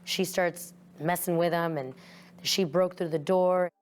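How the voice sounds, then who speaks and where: Woman w a lower voice telling a story, animated, doing the quotes. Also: measured pace, soft background music. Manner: animated, acting out quoted dialogue. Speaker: interviewee. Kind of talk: interview recollection.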